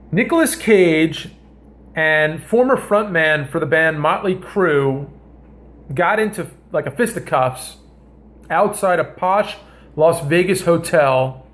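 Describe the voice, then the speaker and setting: A man with a fairly high voice hosts a comedy vlog from his home kitchen. He tells a story in a loose, rambling way, stops to correct himself, and stresses the juicy parts. The tone is casual and chatty. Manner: rambling, animated, self-interrupting.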